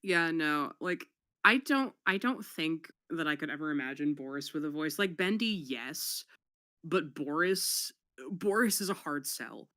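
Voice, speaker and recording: An excitable guest on a casual chat, with lots of laughter. The voice is bright and lively, jumping around in pitch. It is recorded close and dry. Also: measured pace, no echo. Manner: excitable, animated, laughs often.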